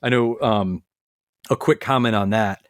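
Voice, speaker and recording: A man with a lowish voice talks casually on a podcast. He tells stories in an earnest, rambling way, full of restarts and fillers. The sound is close and dry, with no room around it. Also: a little slow, clean tone, dry recording. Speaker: podcast guest, retired military medic. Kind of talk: casual conversational storytelling.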